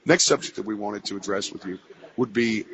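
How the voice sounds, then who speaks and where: A man's voice: on the low side, a little fast. A man with a Louisiana accent hosting a live radio talk show in a chatty, jovial way, with fillers. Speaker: radio host. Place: cigar shop, live remote broadcast. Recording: dull lo-fi radio broadcast.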